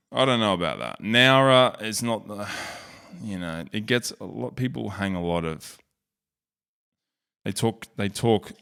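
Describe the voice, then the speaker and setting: A man's voice: low voice, creaky, sharp tone, smooth. A man with an Australian accent giving casual, rambling, joking commentary while browsing a map on screen. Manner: joking, rambling, self-mocking. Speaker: YouTube host.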